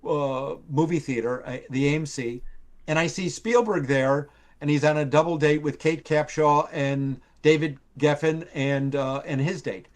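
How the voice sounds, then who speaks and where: Speaking a little slowly in a fairly even voice on the high side, an older TV writer and producer guest rambles through casual stories on a live stream call, using many fillers and acting out quoted voices.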